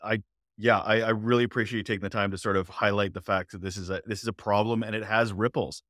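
A man's voice: lowish voice, fairly even intonation, fast talker, fairly bright tone, no room sound, clean studio sound. A man hosting a podcast interview, speaking in an appreciative, conversational way. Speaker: podcast host.

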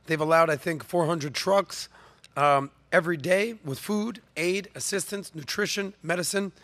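Emphatic podcast host. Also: male voice, on the high side, moderate pace, fairly bright tone. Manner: emphatic, rhetorical questions, frequent ums. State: coughing, slightly choked up. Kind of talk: opinion monologue on a podcast.

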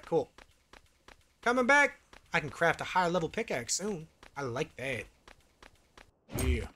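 A man's voice: a little high, background noise. A man playing a video game, giving a casual muttered play-by-play with the odd swear word into a desk microphone. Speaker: gaming channel host. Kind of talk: let's play commentary.

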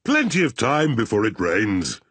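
A man voicing a calm, easygoing father pig in a children's cartoon, talking in an unhurried, reassuring way. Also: fairly low pitch, very noisy.

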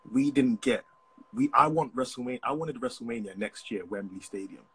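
A man's voice: medium pitch, lively intonation, fairly quick, a bit bright, husky. A man with a British accent calling in to a live stream, chatting in a friendly way and laughing easily. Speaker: caller. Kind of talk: casual live video chat.

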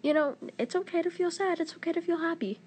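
A woman's voice: extremely high pitch, quick pace, darkish tone. A young woman giving an earnest, rambling, impassioned monologue into her phone, swearing often. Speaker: social media poster.

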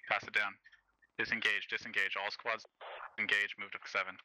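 A man's voice: lowish voice, little pitch movement, normal speed, heavy background noise. A man acting as commander in a tactical shooter game, giving urgent, clipped orders to his squads over gunfire. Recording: game audio with loud gunfire.

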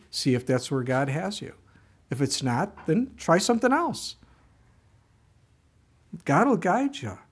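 A pastor preaching a sermon, a man telling stories with animated delivery and asking the congregation rhetorical questions. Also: a little high, breathy edge.

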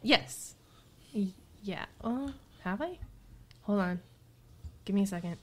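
A woman guesting on a podcast, telling stories in a casual, animated way. She laughs often and acts out the lines of the people in her stories. Her pitch sits in the middle range for a woman. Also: takes it slowly. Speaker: podcast guest and radio show host. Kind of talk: casual storytelling chat.

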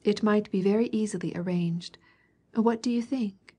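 A woman's voice: medium pitch, normal speed, slightly rough, close to an everyday voice. A woman reading as a capricious young princess. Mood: chattering. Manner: lively, complaining, pleading. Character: fretful young pregnant princess, capricious and vivacious.

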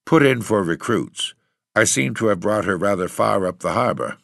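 A man's voice: on the low side, animated, moderate pace, vocal fry, dry recording, studio quality, pitched above the performer's own voice. Captain Bartholomew Roberts, as a man puts on a genteel ghost pirate. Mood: cool. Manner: gentlemanly, unruffled.

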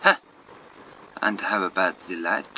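A man's voice: low voice, fairly even intonation, a little slow, sharp tone, heavily acted. A man voicing a proud, fussy male painter in a mock French accent, speaking with theatrical haughtiness over a dull, slightly noisy game recording. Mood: haughty.

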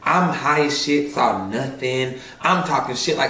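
A man's voice: fairly high pitch, lively intonation, normal speed, bright, forceful tone. A man telling a story with lots of animation and laughter, swearing and mimicking other people. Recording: echoey room, mic far off.

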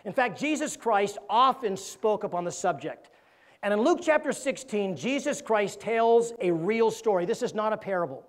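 A man's high-pitched voice at normal speed carries a church sermon, where this evangelist preacher tells a joke using lively character voices.

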